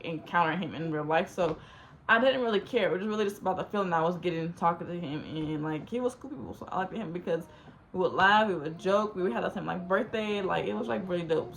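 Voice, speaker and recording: A young woman telling a rambling, animated story, filling it with "like.". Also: lowish voice, a little hiss or hum. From Los Angeles. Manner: rambling, says "like" constantly, animated. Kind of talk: casual storytime.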